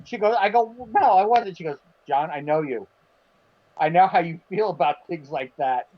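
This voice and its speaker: High-voiced man telling a story. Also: moderate pace. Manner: animated, acts out quotes, swears. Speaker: podcast co-host. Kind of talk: casual storytelling chat. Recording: dull lo-fi stream audio.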